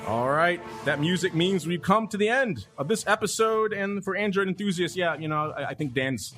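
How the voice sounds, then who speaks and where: A man's voice: high voice, animated, moderate pace, a bit bright, faint music behind. Upbeat man hosting a finance podcast. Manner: upbeat, reads listener questions aloud. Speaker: podcast host. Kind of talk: casual finance podcast chat.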